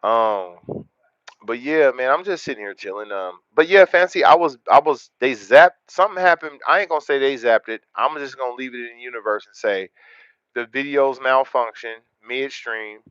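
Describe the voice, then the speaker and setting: A man hosting a casual livestream, talking to viewers in a relaxed, slangy way. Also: mid-range voice, moderate pace, clear, resonant tone, dry recording, dull audio. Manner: laid-back, slangy, talks straight to chat. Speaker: livestream host.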